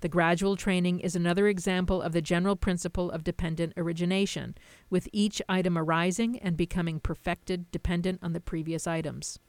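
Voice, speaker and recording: Low, smooth-voiced woman teaching. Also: level tone, a little fast, no room sound. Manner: storytelling with plain asides. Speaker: dharma teacher. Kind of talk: explaining a Buddhist sutta.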